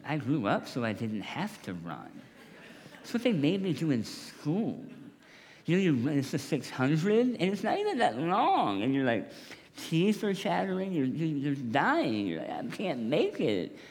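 A man's voice: fairly high pitch, wildly swooping pitch, normal speed, a little mellow, long reverb tail. A man preaching a sermon to his congregation in a joking, conversational way, speaking to them directly. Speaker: pastor.

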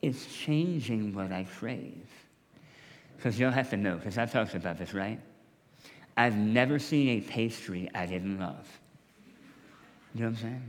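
A man's voice: mid-range voice, in a large hall. A man preaching a sermon to his congregation in a joking, conversational way, speaking to them directly. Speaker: pastor.

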